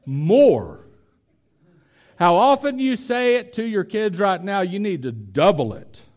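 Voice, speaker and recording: At a moderate pace, a pastor with a high voice and lively intonation preaches to a congregation in a church hall. He speaks straight to them, emphatically repeating key phrases.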